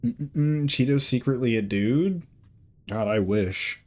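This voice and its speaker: A man's voice: mid-range voice, slow, a little mellow. A man streaming a game, chatting casually and profanely with his viewers in a rambling, joking way. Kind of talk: casual chat with live chat while playing.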